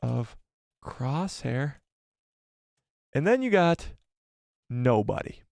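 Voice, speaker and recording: A man hosting a casual live stream, excitably reading viewer comments aloud and swearing casually. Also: medium pitch, very slow, gravelly, no echo, clean studio sound.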